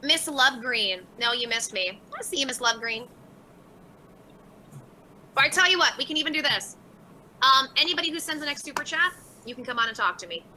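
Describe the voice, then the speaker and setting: A woman's voice: high voice, lively intonation, brisk, pauses often, bright, forceful tone, a little hiss or hum, low-quality recording. A woman hosting a casual livestream, reading out viewer chats and answering them by name in a sarcastic, laughing way. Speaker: livestream host.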